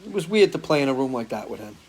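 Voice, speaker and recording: A man's voice: medium pitch, sing-song, very fast, a little mellow, breathy edge. A man hosting a live stream as a musician, chatting casually and answering viewer comments, loose and swearing freely. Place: home, living in Florida.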